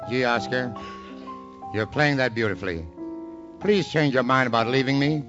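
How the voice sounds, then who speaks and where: A man's voice: medium pitch, moderate pace. A man hosting a 1940s radio comedy, trading wisecracks and crooning a sentimental song. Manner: wisecracking, sings sentimental ballad. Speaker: comedy show host and singer. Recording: dull old radio broadcast with music.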